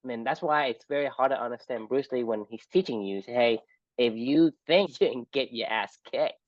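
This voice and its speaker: A man of middle pitch, co-hosting a podcast in relaxed chat. He talks his ideas through reflectively and laughs along with his partner. The recording is dry and slightly dull, a little lo-fi. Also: moderate pace, dry recording. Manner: reflective, ties points back with "you know" and "right", laughs along. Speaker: podcast co-host. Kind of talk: casual chat.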